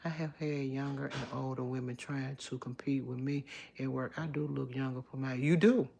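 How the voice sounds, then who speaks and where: A woman's voice: a bass voice, fairly even intonation, moderate pace, creaky, mellow. A middle-aged woman hosting a casual livestream, chatting candidly and reading viewer comments aloud on her phone. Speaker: livestream host. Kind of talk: casual live chat with viewers.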